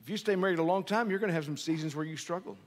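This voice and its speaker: A middle-aged pastor with a slightly high voice races through a sermon in a conversational, joking style, often putting questions to his audience. The recording carries a long hall reverb.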